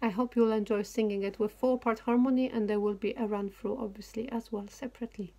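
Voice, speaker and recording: A woman leading a singing lesson. She counts in the beats, sings phrases slowly and explains notes quickly between them. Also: a little high, steady tone. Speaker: singing teacher. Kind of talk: choir rehearsal, counting in and singing. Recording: loud guitar accompaniment.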